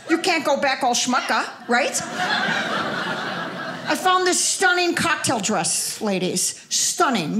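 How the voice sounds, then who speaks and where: A woman's voice: a little high, a bit bright. A woman from the Midwest doing a stand-up set, telling stories with punchy sarcasm and bantering with the audience. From Wisconsin, American Midwest. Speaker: stand-up comedian. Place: comedy stage before a live audience. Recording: noisy live stage recording.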